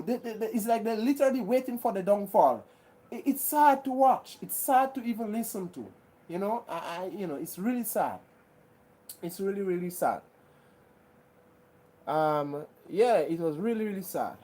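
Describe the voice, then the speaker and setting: A woman's voice: mid-range voice, dark tone. A woman from Grenada hosting a live chat, reading viewer comments and talking earnestly with many repeats and restarts. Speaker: livestream host.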